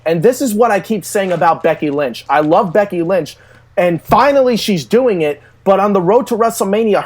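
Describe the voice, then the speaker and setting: A man with a notably high speaking voice telling stories on a podcast. He rambles, stacking up fillers and chuckles as he works his way to the point. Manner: rambling, lots of fillers and laughs. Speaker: co-host. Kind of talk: casual podcast chat.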